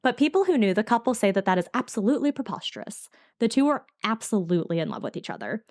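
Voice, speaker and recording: A woman's voice: mid-range voice, sing-song, darkish tone, dry recording, clean studio sound. A woman co-hosting a podcast, telling a true-crime case in chatty, casual storytelling. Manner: fast, chatty storytelling from notes. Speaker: podcast co-host.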